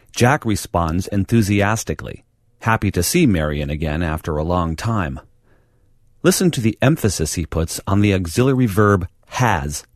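A man reading an English lesson script in a clear, deliberate teaching voice. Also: deep voice, darkish tone, no echo, clean studio sound. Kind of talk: scripted language-lesson narration.

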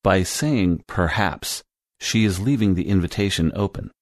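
A man narrating a scripted English lesson podcast in a slow, clear teaching manner. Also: sits low, no echo, studio quality.

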